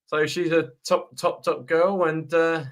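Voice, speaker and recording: British-irish guy hosting a live stream, chatty, reads comments out, bit higher voice. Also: level tone, measured pace. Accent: British-Irish mix. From Britain. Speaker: host.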